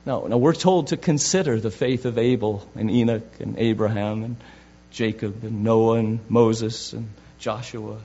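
A man preaching a sermon fervently, swinging from loud declarations to hushed words, on a dull recording with hum. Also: on the low side, steady tone, a little slow, few pauses.

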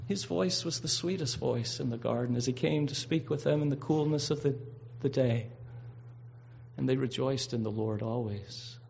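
A man's voice: medium pitch, moderate pace, gravelly, a little mellow, slight background noise. A man preaching a sermon, earnest and emphatic, drawing out key words and often restarting his phrases. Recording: dull lo-fi recording.

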